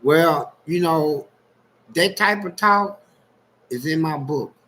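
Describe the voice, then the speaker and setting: A man's voice: on the high side, slow pace, fairly bright tone, rough recording. A man telling frank, streetwise stories in a casual livestream chat and laughing along as he goes. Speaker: guest storyteller on a livestream.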